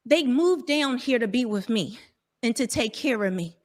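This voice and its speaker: A woman's voice: a little high, lively intonation, normal speed. A woman, a dating coach, arguing in a heated debate, defensive and talking over others.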